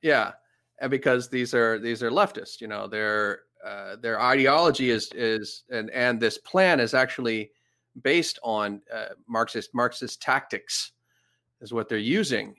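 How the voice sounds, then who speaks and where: A man talking in a casual podcast chat, halting and repeating words as he thinks. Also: mid-range voice, bright, forceful tone.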